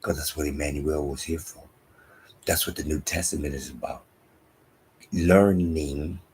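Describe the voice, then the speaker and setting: A man, preaching an emphatic, repetitive Bible-teaching sermon that drops into low asides. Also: fairly even intonation, a little slow, darkish tone, husky, poor audio. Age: 60s.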